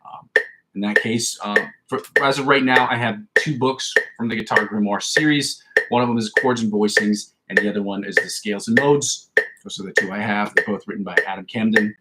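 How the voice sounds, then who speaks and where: A man's voice: on the low side, steady tone, fairly quick, poor audio. A man hosting a guitar practice livestream, calling out scale positions and tempos, then chatting loosely with fillers and the odd swear word. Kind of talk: casual spoken instruction during practice. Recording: loud background noise with clicks.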